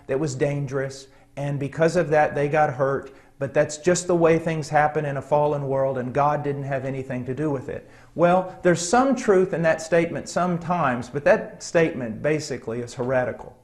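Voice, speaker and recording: A middle-aged man preaching a sermon, telling a personal story in an earnest, conversational way with frequent pauses and soft chuckles. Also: fairly high pitch.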